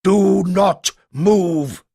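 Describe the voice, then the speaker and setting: A man reading an audiobook, voicing a furious, commanding baritone that bellows orders. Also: extremely slow, gravelly, warm tone, slightly rough, dry recording, studio quality, full character voice. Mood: belligerent command. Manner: bellowing, belligerent. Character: psychotically angry commanding male voice, baritone.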